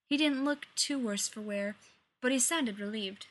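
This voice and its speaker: A woman reading fiction aloud in a lively, expressive narrating voice. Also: a little high, normal speed. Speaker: story reader.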